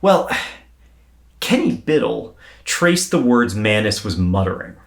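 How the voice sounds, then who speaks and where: A man co-hosting a podcast, telling a paranormal story in a casual, animated way and swearing freely. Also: on the low side, takes it slowly, vocal fry. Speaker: podcast co-host.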